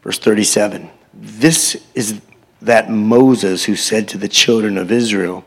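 Gravelly low-voiced preacher. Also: male voice, steady tone, measured pace. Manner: reads scripture aloud, breaking in with short asides. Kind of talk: sermon scripture reading with commentary.

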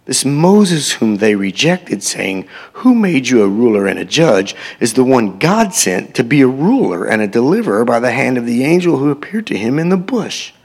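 Male preacher, gravelly and husky, reads scripture with brief asides. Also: mid-range voice, very animated, normal speed, few pauses, a little mellow. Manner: reads scripture aloud, breaking in with short asides. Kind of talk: sermon scripture reading with commentary.

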